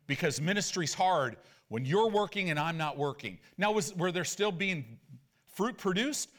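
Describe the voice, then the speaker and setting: A man in his forties, a pastor, preaching with animated personal stories and rhetorical questions. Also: sits high, normal speed.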